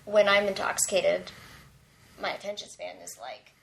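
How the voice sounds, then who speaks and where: A woman's voice: mid-range voice, steady tone, moderate pace, creaky, poor audio. A woman guesting on a casual podcast, chatty and giggly after a couple of drinks.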